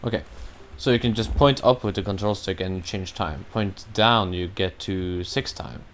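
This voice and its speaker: A man's voice: sits low, moderate pace, fairly bright tone, soft background music. A man giving casual, rambling commentary while he plays a video game, cursing now and then at his own mistakes. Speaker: let's play gamer.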